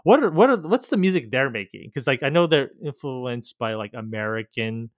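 A man's voice: mid-range voice, very animated, normal speed, dry recording, studio quality. A man co-hosting a podcast in casual chat, meandering through his points and laughing easily as he explains. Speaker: podcast co-host.

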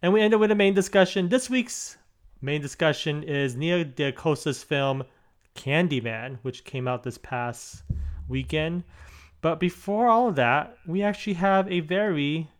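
Cheery guy hosting a podcast, kinda high voice, chatty and laughing. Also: unhurried. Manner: upbeat, laughs easily. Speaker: podcast host. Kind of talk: casual podcast chat.

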